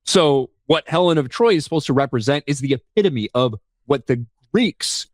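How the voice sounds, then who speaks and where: A man's voice: on the high side, lively intonation, normal speed, dry recording, clean studio sound. A man in a livestream reaction chat, explaining his point patiently.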